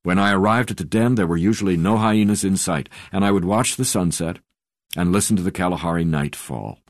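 Very deep-voiced man narrating an audiobook. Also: fairly quick, no echo, studio quality. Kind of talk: scripted memoir narration.

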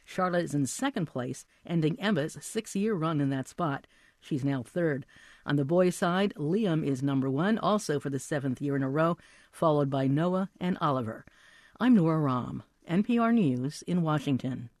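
A man reading a radio news bulletin in an even, crisp delivery. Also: on the high side, normal speed, no room sound, studio quality. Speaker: newscaster.

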